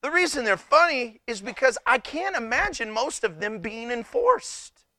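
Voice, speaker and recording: A man's voice: extremely high pitch, unhurried, dry recording, clean studio sound. A man preaching a humorous sermon, telling stories with frequent laughter and incredulous exclamations. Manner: animated storytelling with frequent laughter. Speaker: pastor.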